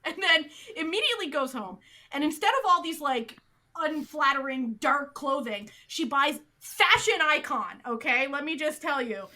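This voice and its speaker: A chatty woman co-hosting a casual podcast, retelling a show with animated energy. Her voice sits high and sounds bright, and she fills her sentences with "like". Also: moderate pace. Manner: animated, chatty, heavy use of "like". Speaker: podcast co-host. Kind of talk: casual chat recapping a TV show.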